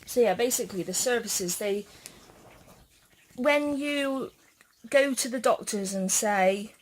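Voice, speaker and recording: A young woman vlogging in a casual chat, speaking hesitantly with many pauses and fillers. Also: a little high, low-quality recording. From England.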